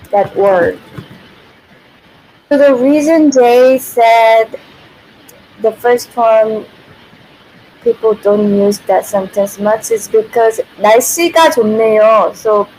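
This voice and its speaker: A woman's voice: on the high side, a little mellow, slight background noise, poor audio. A woman, a native Korean speaker, giving a casual livestream language lesson who thinks aloud, corrects herself and laughs often.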